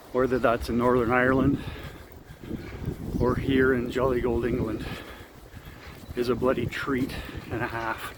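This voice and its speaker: A Canadian travel vlogger speaks at an everyday pitch in a casual vlog, chatty and rambling with plenty of ums and uhs. He films outdoors and from a car, so street and traffic noise are clearly audible.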